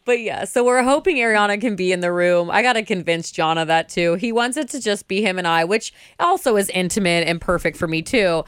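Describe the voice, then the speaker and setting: A woman's voice: medium pitch, a little fast, hardly any pauses, smooth, no room sound, clean studio sound. A young adult woman co-hosting a podcast, chatting casually and giggling as she tells stories. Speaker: podcast co-host. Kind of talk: casual chat.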